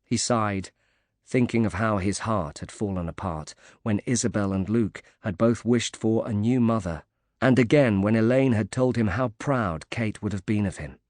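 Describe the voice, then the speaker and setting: Man, audiobook narration, low voice, calm and measured, dry studio sound. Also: dry recording.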